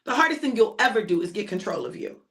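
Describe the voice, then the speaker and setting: A woman's voice: mid-range voice, animated, quick pace, fairly bright tone. An older woman preaching an informal sermon, emphatic and repetitive, often calling out to her listeners.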